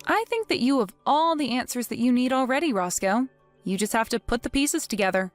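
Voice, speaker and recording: A woman's voice: a little high, lively intonation, a little fast, no room sound, soft background music, lightly acted. A woman voicing a vengeful young wife in a dramatized story, cold and taunting with mock innocence. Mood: scheming.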